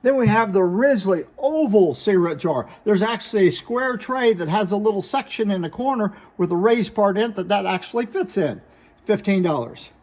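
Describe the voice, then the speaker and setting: High-voiced man listing glassware prices. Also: lively intonation, a little fast, darkish tone. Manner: plain, matter-of-fact listing of items and prices. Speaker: glass seller. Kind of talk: product showcase sales talk.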